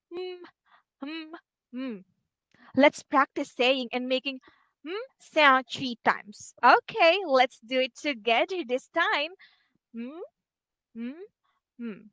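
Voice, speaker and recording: A woman teacher with a Filipino English accent, giving a slow, encouraging online phonics lesson to a child and modelling each sound for her. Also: sits high, a bit bright, no echo, low-quality recording.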